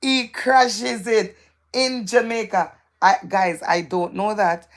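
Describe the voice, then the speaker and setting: Slow-talking woman hosting a gossipy livestream. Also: mid-range voice, steady tone. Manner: repeats phrases for emphasis, gossipy and playful. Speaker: live stream host. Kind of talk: live-stream chat reading comments.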